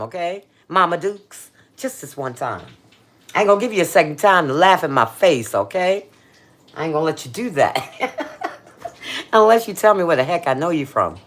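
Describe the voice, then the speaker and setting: Woman, livestream cooking host, chatty and playful, very animated pitch, phone mic in a home kitchen. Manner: chatty and playful, talks straight to her viewers, Southern slang. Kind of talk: casual livestream chat while cooking.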